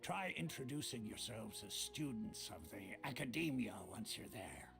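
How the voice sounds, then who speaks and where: An actor voicing a composed male leader in a video game, calm and explanatory. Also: medium pitch, normal speed, creaky, over music. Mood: briefing.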